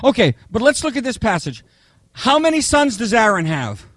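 Close, dry sound with no echo carries a pastor's high male voice as he tells animated stories from the pulpit. He regularly pulls the congregation along with a short "okay?" or "right?".

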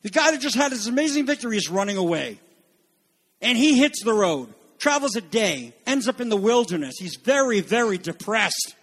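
A male preacher with a fairly high voice delivers his sermon with dramatic emphasis. He swings between pressing, loud exhortation and hushed, intimate moments. His speech has the rhythm of a pulpit message. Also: sing-song, moderate pace.

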